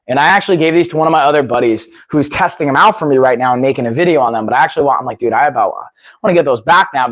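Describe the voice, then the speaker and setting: A man's voice: mid-range voice, dry recording, dull audio. A man hosting a casual live stream, upbeat and chatty, often saying "y'all" and muttering to himself between bits. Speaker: livestream host. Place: home gym.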